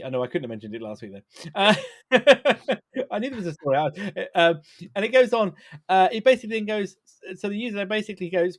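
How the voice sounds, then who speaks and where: A man co-hosting a casual tech podcast, animated and laughing often, restarting sentences as he talks. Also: high-pitched, a little fast. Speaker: podcast co-host.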